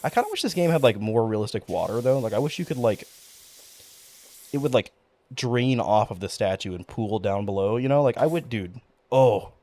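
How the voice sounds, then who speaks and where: A man's voice: mid-range voice, animated, moderate pace, dark tone. A young man talks casually into his mic while he plays a game. His voice jumps around a lot. He rambles and swears, and he answers his chat with playful, exaggerated indignation. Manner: profane, rambling, mock-outraged banter with chat. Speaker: streamer. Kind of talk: casual live-stream commentary while gaming.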